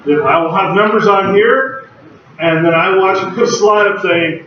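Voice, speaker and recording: A man's voice: sits high, normal speed. Casual male lecturer in an echoey hall. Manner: casual, conversational, chatty with asides. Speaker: university lecturer. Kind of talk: classroom lecture. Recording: very echoey hall, voice far from the mic, dull lo-fi sound, faint background hum.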